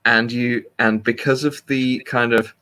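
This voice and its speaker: A man's voice: mid-range voice, fairly even intonation, measured pace, pushed and bright. A British man in casual chat, explaining at length with frequent restarts. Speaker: co-host.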